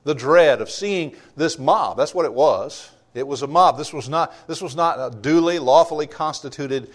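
A man preaching a sermon, explaining a Bible passage earnestly and repeating rhetorical questions. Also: medium pitch. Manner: reads scripture aloud with emphasis.

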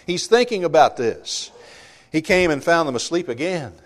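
A man's voice: a little high, big pitch swings, normal speed. A man preaching a sermon, explaining a Bible passage earnestly and repeating rhetorical questions. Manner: reads scripture aloud with emphasis.

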